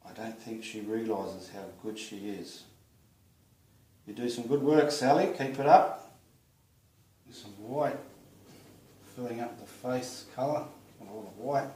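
A man with an Australian accent, casually greeting friends in a friendly, unhurried way while he paints. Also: medium pitch, dark tone. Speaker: artist vlogger. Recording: roomy echo, distant mic.

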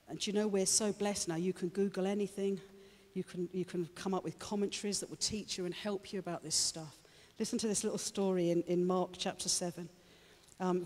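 In a church hall where the sound echoes long, a preacher with a mid-range, darkish voice addresses the congregation. He is chatty at first, tossing jokey asides their way, before turning fervent and rousing.

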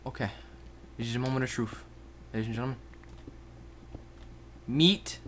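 A man giving rambling Let's Play commentary at his computer, jumping between loud outbursts and muttered whispers. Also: mid-range voice, level tone, racing, slight background noise. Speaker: gaming YouTuber. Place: at a computer, indoors.

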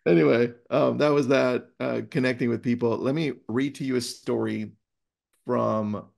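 A man's voice: mid-range voice, moderate pace, creaky. A man hosting a casual webinar, telling stories with energy and reading passages aloud. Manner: animated storyteller, reads passages aloud. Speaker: webinar host.

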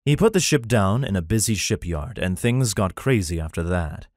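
A man narrating a fantasy romance audiobook in an even, plain storytelling manner. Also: fairly low pitch, moderate pace, no echo, studio quality. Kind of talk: scripted narration.

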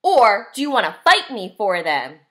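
A woman voicing a grouchy, bossy female ladybug who shouts and picks fights in a storybook. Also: medium pitch, big pitch swings, moderate pace. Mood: grouchy shouting. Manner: loud, shouting, demanding.

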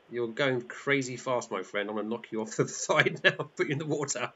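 A man hosting a group in excitable, chatty live commentary, often laughing as he talks. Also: mid-range voice, moderate pace, muffled recording. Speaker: group host.

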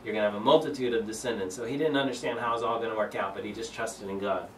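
A man's voice: lowish voice, fairly even intonation, racing, a bit bright, echoey room, distant mic, slight background noise, low-quality recording. A man leading a Bible study, reading scripture aloud and explaining it earnestly, with many fillers and restarts. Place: church room.

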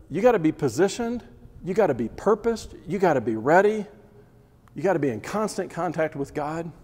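Man, sermon, Bible teacher, emphatic repetition, rhetorical questions, somewhat high voice, long hall echo. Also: a little mellow. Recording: long reverb of a large hall.

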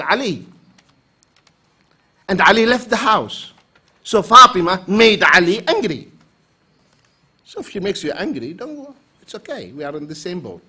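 An Islamic lecturer from the United Arab Emirates, with a husky male voice that sits high, gives a conference lecture. He's an animated storyteller, acting out quoted voices in his anecdotes for humor.

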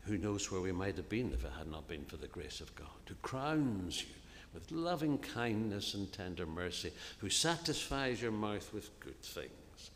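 A man preaching an earnest sermon in a church, often dropping to a soft, hushed voice on key phrases. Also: fairly low pitch, sing-song, moderate pace, few pauses, a little hiss or hum. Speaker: minister preaching. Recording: long reverb of a church hall, faint ambience.

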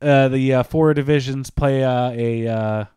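A relaxed man hosts a hockey podcast, tossing out prompts and filling gaps with hesitant fillers. His voice sits in an ordinary middle range and sounds close and dry. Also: mid-range voice, unhurried, clear, resonant tone, no room sound. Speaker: podcast host. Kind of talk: casual podcast banter, running a segment.

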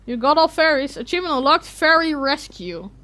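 Young woman, let's play commentary, bright tone, chatty. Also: high-pitched, lively intonation, a little fast. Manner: chatty, restarts mid-sentence. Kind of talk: casual game commentary.

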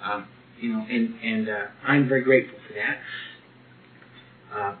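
A man's voice: on the low side, fairly even intonation, normal speed. A man gives a casual, joking sermon, often laughing and restarting his sentences. The recording is narrow and tinny like an old tape, with a faint hiss behind him. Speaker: preacher. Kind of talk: sermon with Bible reading.

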